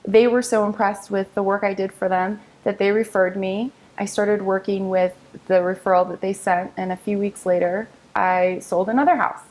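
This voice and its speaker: Woman real estate agent being interviewed, chatty storyteller, regular mid pitch. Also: normal speed, hardly any pauses, poor audio. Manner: upbeat, storytelling, quotes others in lively voices. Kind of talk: interview conversation.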